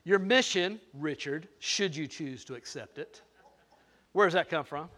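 Bright-voiced older preacher. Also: male voice, fairly high pitch, measured pace. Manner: playful, teasing, talks straight to the crowd. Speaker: pastor. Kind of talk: sermon.

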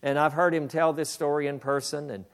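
A man's voice: fairly high pitch, steady tone, fairly quick, gravelly, clear, resonant tone. A male pastor preaching a sermon, reading a story aloud and calling on his congregation to pay attention. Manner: emphatic, calls on the congregation.

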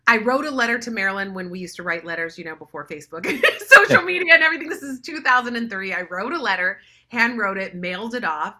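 Earnest, bright-voiced woman storyteller. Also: mid-range voice, animated, quick pace. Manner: earnest, emotional, laughing at herself. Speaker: speaker. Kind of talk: personal storytelling talk.

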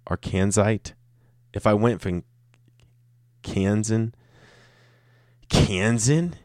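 A man's voice: deep voice, lively intonation, unhurried, dry recording, studio quality. A man talking alone in an offhand, joking way, swearing a lot and tripping over his words. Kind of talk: casual off-the-cuff monologue.

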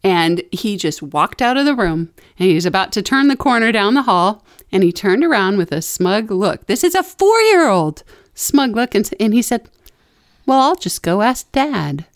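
A woman's voice: medium pitch, moderate pace, no room sound, clean studio sound. A woman co-hosting a casual parenting podcast, telling stories and acting out the people she quotes. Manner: animated storyteller, acts out quotes. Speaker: podcast co-host.

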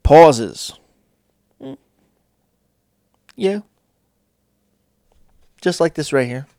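Guy with a gravelly voice chatting casually, slow deliberate pauses, dry close mic. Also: a little high, sing-song, dark tone, dry recording. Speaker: host. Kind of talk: casual advice talk.

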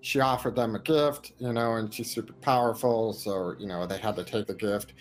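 A man's voice: lowish voice, steady tone, normal speed. A man playing a tabletop game, talking casually and rambling with many fillers and restarts. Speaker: player.

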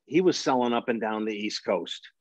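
A man's voice: medium pitch, moderate pace. A man interviewing a relative in casual family chat, easygoing and swearing casually. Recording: dull lo-fi dry sound.

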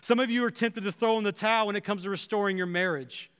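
A man preaches a sermon in a high, bright voice, earnestly acting out the prayers and dialogue he quotes. His tone is clear and smooth. The sound carries a long reverb from a large church hall. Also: fairly even intonation, quick pace. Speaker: pastor. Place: church sanctuary.

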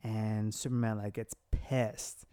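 A man in casual chat, retelling a story in an animated way and quoting the characters with laughs. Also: on the low side, slow pace, smooth, no room sound. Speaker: podcast co-host recapping a story.

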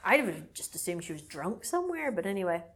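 A woman's voice: fairly low pitch, fast. A woman, casually retelling a film plot on a podcast and swearing freely. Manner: animated storyteller, swearing and bursting into mock voices. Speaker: podcast co-host.

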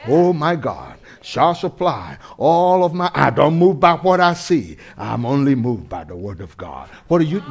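Lively man preaching a sermon. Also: fairly high pitch, unhurried, few pauses. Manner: animated, swings from loud shouts to quiet intensity; laughs between lines. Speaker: pastor.

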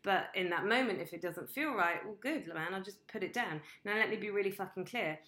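A woman's voice: medium pitch, a little fast, fairly bright tone. A woman host and coach talking in a casual monologue, blunt and emphatic, swearing freely. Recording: roomy echo.

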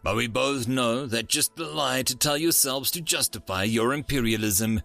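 A man's voice: mid-range voice, moderate pace, gravelly, sharp tone, soft background music. A man voicing an arrogant, large, fanged alien noble warrior who sneers and snarls his taunts. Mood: snarling.

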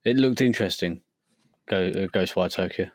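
A man's voice: low voice, moderate pace. A man co-hosting a casual gaming podcast over an online call, adding brief, matter-of-fact remarks. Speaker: podcast co-host.

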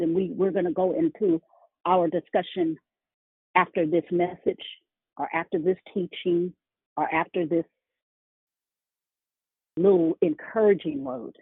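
A woman's voice: medium pitch, husky, dry recording. A woman preaching a sermon, emphatic and repeating words for effect. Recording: tinny phone-line sound.

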